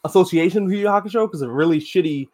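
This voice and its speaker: A man co-hosting a podcast in relaxed casual chat, asking questions and giving brief replies. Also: high-pitched, racing. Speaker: podcast co-host.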